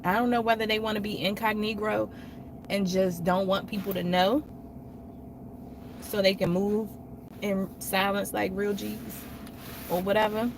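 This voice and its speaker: A young adult woman chatting casually with viewers on her livestream, telling stories in an animated way and acting out what people said. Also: medium pitch, unhurried, long pauses, noisy background. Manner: chatty, animated storytelling with quoted voices. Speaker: livestream host.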